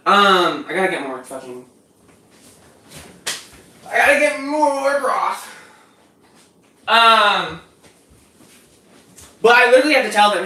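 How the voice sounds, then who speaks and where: A young woman with an African American English accent, chatting and cursing freely as she cooks on a stream. Her voice is bright and sharp, and it sounds roomy because she stands a little back from the mic in an echoey space. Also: mid-range voice, lively intonation, unhurried, long pauses, distant mic, a little hiss or hum. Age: young adult. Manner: chatty, profane, laughs often, talks to chat. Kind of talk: casual cooking stream chat.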